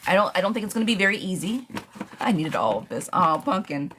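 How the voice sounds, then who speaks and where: A woman's voice: on the low side, a little hiss or hum. Chatty woman tarot reader live-streaming. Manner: affectionate, showers viewers with pet names; animated, talks fast in bursts, laughs often. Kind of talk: casual live-stream chat.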